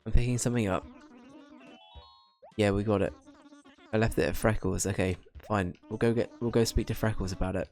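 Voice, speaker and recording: A young man streaming a game, joking and chatting casually with quick asides. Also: fairly low pitch, steady tone, a little mellow, soft background music. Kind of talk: casual gaming commentary.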